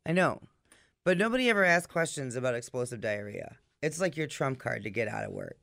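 A man's voice: mid-range voice, expressive, fairly quick, gravelly, a bit bright, no echo, studio quality. A man co-hosting a podcast, chatting casually in a wry, blunt, joking way. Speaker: podcast co-host. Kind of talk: casual chat.

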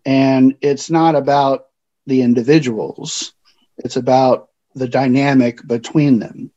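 A man working as a counselor, explaining things in a calm, measured way during a podcast interview. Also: medium pitch, dull audio.

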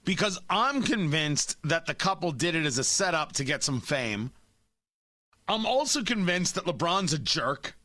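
A man's voice: on the high side, bright, forceful tone, dry recording. A man hosting a talk radio show, blunt and combative, often stumbling into restarts.

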